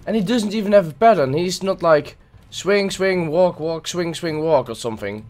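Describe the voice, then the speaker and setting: A man's voice: high-pitched, animated, normal speed, darkish tone. A man giving live gameplay commentary, frustrated and swearing at the game as he plays. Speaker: gameplay video creator.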